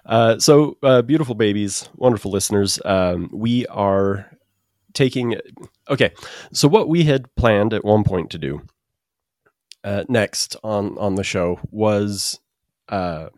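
A man's voice: lowish voice, takes it slowly, a little mellow, no echo, studio quality. A man co-hosting a podcast in casual chat, with many restarts and fillers. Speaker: podcast co-host.

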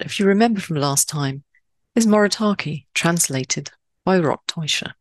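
Low-pitched woman from Switzerland, podcast host; scripted, emphatic delivery; dry, close sound. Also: animated, normal speed, dry recording.

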